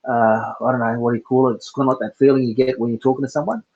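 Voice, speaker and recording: An Australian man with a husky voice chats in a hesitant, halting way and fills his pauses with uhs. His voice comes through dull lo-fi call audio. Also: medium pitch, flat delivery, darkish tone. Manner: hesitant, with many uhs and restarts. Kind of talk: casual chat.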